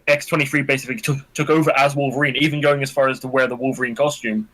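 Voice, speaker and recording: A man's voice: mid-range voice, steady tone, fast talker, fairly bright tone, poor audio. A man co-hosting a casual podcast chat, hesitant and full of fillers. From United Kingdom. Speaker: podcast co-host.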